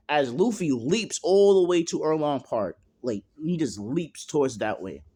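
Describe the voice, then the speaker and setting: A man's voice: fairly high pitch, expressive, unhurried, hardly any pauses, warm tone, breathy edge. A young man narrating a fan-made story at home in a casual, rambling way, full of fillers and slang and freely swearing.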